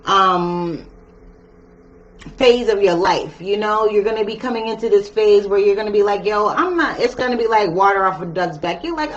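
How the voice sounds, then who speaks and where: A woman's voice: medium pitch, normal speed, slight background noise. Chatty woman reading tarot, slangy. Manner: chatty, slangy, talks straight to viewers. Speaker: tarot reader. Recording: dull lo-fi sound with faint ambience.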